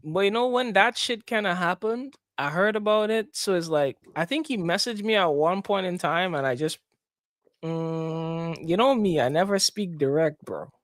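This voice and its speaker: A man in casual podcast chat, talking in a relaxed, easygoing way. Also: high-pitched, moderate pace, dry recording.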